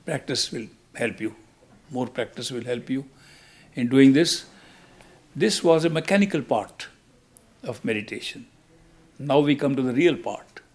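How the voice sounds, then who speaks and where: An older man giving a spiritual talk, guiding a meditation in a measured, emphatic way with long pauses. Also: mid-range voice, lively intonation, darkish tone. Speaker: spiritual teacher.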